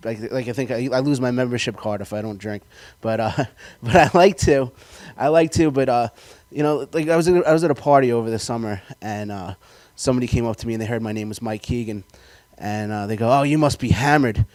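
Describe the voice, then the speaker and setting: Male stand-up comic, excitable and self-deprecating, dry close sound, mid-range voice. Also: mid-range voice, fairly quick, no echo. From New York. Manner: loud, excitable, self-mocking storytelling. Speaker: stand-up comedian guest. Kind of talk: stand-up comedy set.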